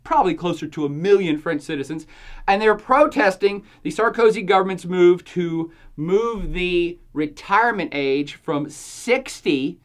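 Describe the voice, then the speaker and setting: A woman's voice: on the low side, animated, unhurried. A woman hosting a podcast, giving opinionated commentary in a jokey, sarcastic way and laughing often between points. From United States. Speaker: podcast host.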